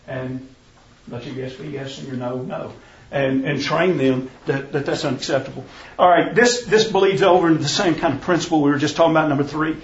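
A man's voice: a little high, brisk, a little hiss or hum. A man preaching a conversational sermon, earnest and given to restarting his phrases. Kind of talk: sermon on parenting. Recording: roomy, distant, dull sound.

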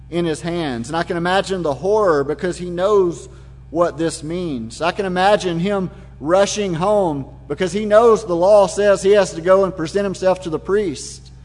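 A man preaching a sermon, retelling the scene in vivid, imaginative detail. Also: sits high. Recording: long hall reverb.

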